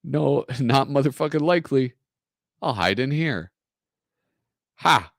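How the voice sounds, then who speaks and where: A man's voice: mid-range voice, lively intonation, slow, creaky, no room sound, studio quality, voice pushed up. A man reading aloud and voicing a brash, foul-mouthed young male comic-strip troublemaker, crude and gleeful. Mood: taunting.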